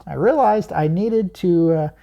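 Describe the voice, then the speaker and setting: A woman's voice: on the low side, unhurried, gravelly, lo-fi sound. A woman hosting her own channel, telling a personal story in an emphatic way, chuckling often and asking herself questions.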